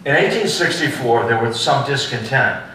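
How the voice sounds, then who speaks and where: A man giving a history lecture to an adult class, slow and emphatic, asking rhetorical questions and repeating phrases. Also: mid-range voice, very animated, pushed and bright, a little hiss or hum. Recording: echoey room, mic at a distance.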